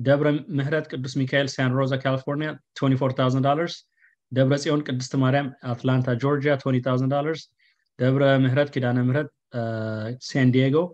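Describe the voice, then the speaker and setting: Guy reading off fundraiser numbers fast, lots of uhs, muffled lo-fi sound. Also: mid-range voice, a little mellow. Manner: halting, filler-heavy listing of figures. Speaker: fundraiser announcer. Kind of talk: reading out donation totals.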